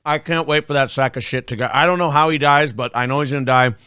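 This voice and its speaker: A man's voice: mid-range voice, steady tone, fast talker, pushed and bright, clean tone, dry recording, clean studio sound. A man hosting a morning talk show, chatting casually in a blunt, profane way. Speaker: host. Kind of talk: casual chat.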